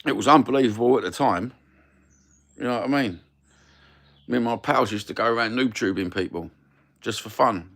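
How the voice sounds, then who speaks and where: A man's voice: medium pitch, brisk, long pauses, fairly bright tone. A middle-aged man with a Cockney accent, rambling cheekily and swearing freely while chatting on a live stream. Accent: Cockney London. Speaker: livestream host. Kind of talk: casual live-stream chat.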